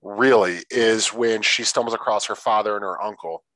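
A man in a casual film-discussion chat, relaxed and swearing freely, stretching out words for emphasis. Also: fairly low pitch, moderate pace, no room sound, poor audio.

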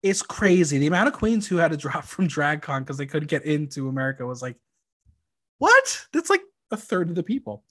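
A chatty young man with a fairly high voice hosts a casual podcast. He recaps episodes in a campy, playful way and drops in plenty of ums along the way. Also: lively intonation, fast talker, hardly any pauses. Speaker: podcast host recapping a reality show. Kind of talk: casual chat.

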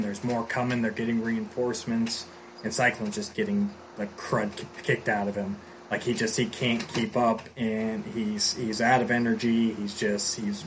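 A man's voice: fairly low pitch, a bit bright, slight background noise, low-quality recording. A man casually recapping a story on a podcast, rambling and restarting as he goes. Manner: rambling, many fillers and restarts.

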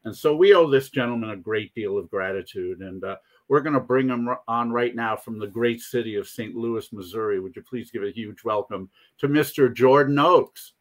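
A man's voice: medium pitch, normal speed, hardly any pauses. A man hosting a casual chat show, talking in a rambling way with many restarts. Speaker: podcast host.

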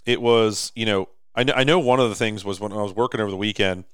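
A man's voice: on the low side, fast talker, fairly bright tone, smooth, no room sound, studio quality. A man co-hosting a podcast, rambling through a long story in casual chat, with many restarts. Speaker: podcast co-host. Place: indoor office or shop.

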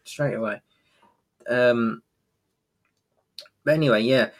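A man's voice: mid-range voice, slow pace. A man co-hosting a podcast, chatting casually about a sitcom episode, laughing often and acting out its lines. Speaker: podcast co-host. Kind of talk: casual chat recapping a sitcom.

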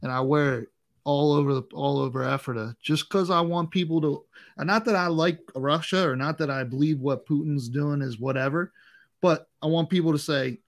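A man with a voice a little higher than most talks casually on a podcast. He stumbles and restarts as he works his way through a point. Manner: hesitant, halting, frequent restarts.

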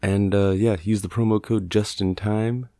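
A deep, mellow-toned man hosts a podcast, talking loosely and swearing a lot. He rambles and laughs at himself, and his voice sits close and dry on the mic with no room sound. The talk is relaxed, unscripted chat. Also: normal speed, dry recording. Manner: profane, rambling, self-mocking. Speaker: podcast host.

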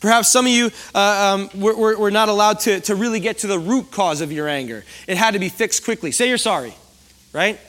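A man's voice: high-pitched, fairly quick, fairly bright tone. A young man preaching a sermon to a congregation, chatty and storytelling, often asking the room questions. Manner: conversational, asks the congregation questions. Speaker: pastor. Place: church hall before a congregation.

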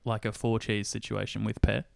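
Gravelly easygoing Australian man. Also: on the low side, normal speed, no echo. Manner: easygoing, relaxed swearing, fillers. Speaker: podcast co-host. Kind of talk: casual chat.

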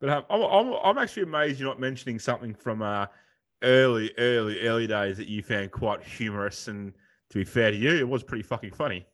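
A man's voice: mid-range voice, expressive, brisk, a bit bright. A young Australian man co-hosting a podcast in casual chat, rambling and blokey, swearing freely. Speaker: podcast co-host.

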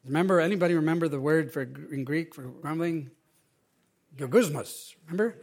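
Male pastor, middle-aged, high-pitched voice, animated conversational preaching style. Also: normal speed. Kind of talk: sermon.

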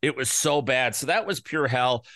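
A male podcast host with a bright, forceful voice, recorded close and dry with no room sound. He rambles loosely and throws in crude jokes, and his voice sounds slightly worn from an illness he is getting over. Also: mid-range voice, lively intonation, moderate pace, no room sound. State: recovering from covid, voice slightly worn. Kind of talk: casual podcast chat.

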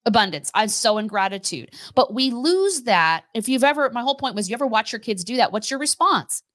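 A woman co-hosting a faith show, talking casually with her husband, animated and quick to laugh. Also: fairly high pitch, no echo. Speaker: co-host of a faith teaching show.

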